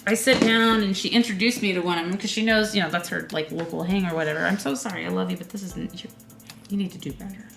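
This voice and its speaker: A woman's voice: fairly low pitch, quick pace, vocal fry, over music. Chatty woman comic in a roomy space. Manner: chatty, animated, playful asides. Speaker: comedian guest. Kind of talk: casual chat, storytelling. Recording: roomy echo.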